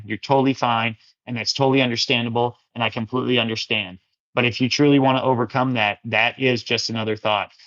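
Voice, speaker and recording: Answering viewer comments on a relaxed Christian livestream, a man rambles in an easygoing way and addresses his audience as friends and brothers. His voice is medium-pitched with a fairly bright tone, and the audio has a dull lo-fi quality.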